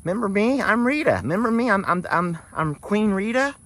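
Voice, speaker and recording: A man doing an excitable she-donkey who insists she is queen, her voice jumping up high and squealing with delight. She gushes over her friends in a drawl. It is a playful barnyard voice put on for a farm vlog. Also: a little fast. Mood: giddy. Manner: gushing, excited, stammering. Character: giddy female donkey, self-crowned queen.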